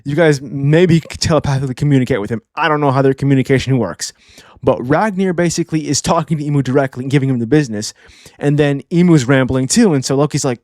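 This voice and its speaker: A man's voice: medium pitch, quick pace, no echo, studio quality. Slangy young man hosting a manga review. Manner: animated, slangy, does voices for characters. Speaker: manga review channel host. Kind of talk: casual video commentary.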